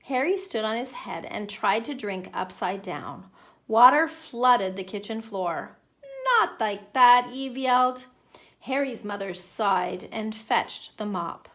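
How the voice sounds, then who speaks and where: A woman reading a children's picture book aloud in an animated, playful way. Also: mid-range voice, slow pace. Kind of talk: children's story read-aloud.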